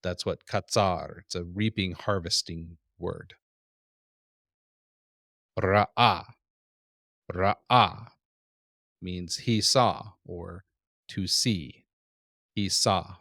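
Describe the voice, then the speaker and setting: A man with a deep voice teaches a classroom lesson at a slow, deliberate pace. He patiently repeats each vocabulary word. The recording is dry with little room sound. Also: a bit bright, no room sound. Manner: patient, repeats words slowly. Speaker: Hebrew teacher.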